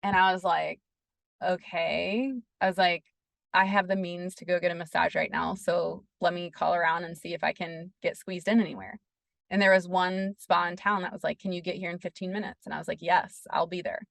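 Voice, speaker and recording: A woman's voice: lowish voice, little pitch movement, moderate pace, creaky, no room sound. A woman being interviewed on a podcast, telling a personal story in an earnest, casual way and leaning on "like" a lot. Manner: earnest, peppers speech with "like". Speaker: podcast guest.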